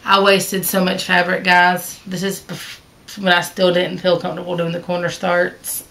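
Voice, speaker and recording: Chatty woman with a low voice. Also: monotone, moderate pace, vocal fry, a bit bright. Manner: chatty, rambling, with fillers and self-corrections. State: hiccups. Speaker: cross-stitch vlogger. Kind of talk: casual chat to camera.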